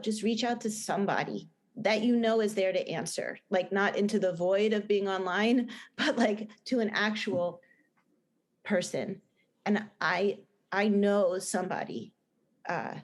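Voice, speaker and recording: A woman's voice: medium pitch, unhurried. A middle-aged woman with a New Jersey accent, a guest in a casual podcast interview, talking earnestly and rambling with many restarts. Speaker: guest, film director and writer.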